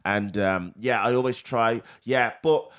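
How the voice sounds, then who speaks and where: A man's voice: medium pitch, unhurried, fairly bright tone, smooth. A man hosting a casual podcast chat, talking in loose, stumbling restarts. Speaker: podcast host. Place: Edinburgh.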